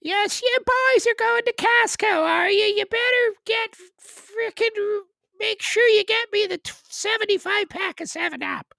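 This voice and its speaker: Brief: loud, high-pitched old Newfoundland codger, hollering and boisterous. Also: male voice, normal speed, vocal fry, hardly any pauses, dry recording, clean studio sound, heavily acted. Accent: put-on Newfoundland. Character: rowdy old rural Newfoundland man, boisterous.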